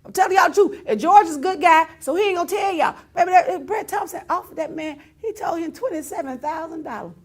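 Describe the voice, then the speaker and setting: A woman's voice: very high-pitched, quick pace, hardly any pauses. A woman hosting a talk show, telling a long story with frequent laughter and exclamations. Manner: laughing often, mimicking others in quotes, exclaiming. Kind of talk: animated storytelling monologue.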